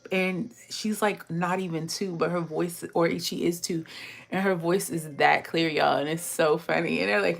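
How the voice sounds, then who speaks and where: A woman reads tarot cards for her viewers in a loose, chatty way and speaks to them directly. Her voice is low-pitched with plenty of vocal fry. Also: normal speed. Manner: chatty, laughs often, talks to viewers directly. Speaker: tarot reader. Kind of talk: casual tarot reading to viewers.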